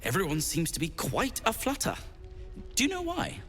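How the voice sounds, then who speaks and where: A man's voice: high voice, huge pitch swings, moderate pace, a bit bright, faint music behind, exaggerated voice. An actor playing a fretful man who stammers with surprise in a game. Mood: anxious. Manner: stammering, startled.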